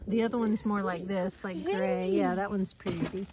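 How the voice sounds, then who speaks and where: A Southern American woman filming herself outdoors, sweet-talking animals in a soft, cooing baby-talk voice. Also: mid-range voice, very animated, normal speed, a crowd in the background. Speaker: vlogger and mother on a family farm. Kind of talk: casual vlog, coaxing animals. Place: outdoors on a rural roadside.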